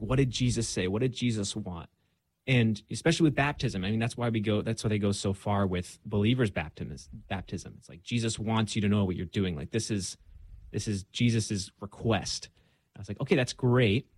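A young man with a slightly low voice talks earnestly and reflectively, often pausing on fillers. The sound is dry and close, with no room around it. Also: a little mellow, no echo. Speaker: guest. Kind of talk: casual conversation.

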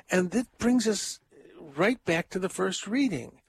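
A man preaching a conversational homily as a priest, thinking aloud with frequent pauses, ums and restarts. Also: high-pitched, very animated, slightly rough.

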